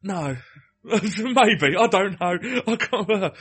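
A man's voice: sits high, animated, takes it slowly, a bit bright, slightly rough. A man co-hosting a podcast, dryly reading out quotes and chuckling. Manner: dry, reading out quotes with laughs. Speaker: podcast co-host. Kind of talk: casual chat.

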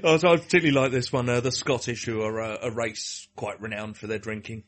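A man's voice: medium pitch, fairly even intonation, fast talker, a bit bright. A man co-hosting a podcast, dryly reading out quotes and chuckling. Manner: dry, reading out quotes with laughs. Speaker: podcast co-host. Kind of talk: casual chat.

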